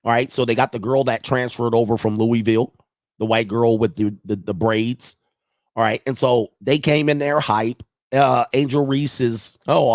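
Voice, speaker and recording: A man of ordinary pitch hosts a loose sports livestream, wandering from point to point and thinking out loud. His voice sounds dry and close, with no room around it. He chuckles between thoughts. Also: no echo. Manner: rambling, thinks aloud, chuckles often. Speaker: sports show host. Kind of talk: casual livestream sports chat.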